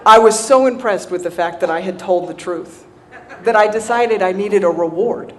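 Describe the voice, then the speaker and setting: A woman giving a humorous recovery talk to an audience, animated and self-mocking, laughing often and checking in with "right?". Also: medium pitch, normal speed. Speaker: speaker sharing a recovery story.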